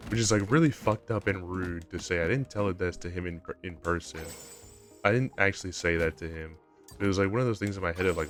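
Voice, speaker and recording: Deep-voiced young man rambling on stream. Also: fairly quick, a bit bright. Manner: rambling, full of fillers and restarts. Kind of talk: casual live-stream chat while gaming. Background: faint game music.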